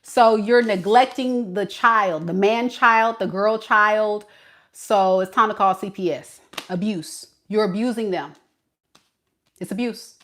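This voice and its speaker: A woman reads tarot cards in a loose, chatty way and talks straight to her viewers. Her delivery is animated and conversational, like a casual chat. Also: mid-range voice, takes it slowly. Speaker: tarot reader.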